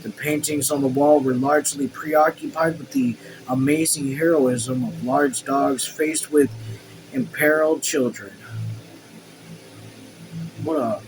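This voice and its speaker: A man reading a novel aloud casually, slow and halting over words, breaking off for chatty asides. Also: fairly high pitch, background noise. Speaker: read-along host.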